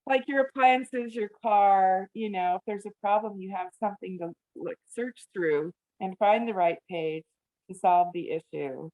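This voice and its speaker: Over a thin remote connection that sounds like a phone, a woman who works as a family therapist talks earnestly in a podcast interview. Her mid-range voice is unhurried and slightly mellow, and now and then she mimics a parent scolding.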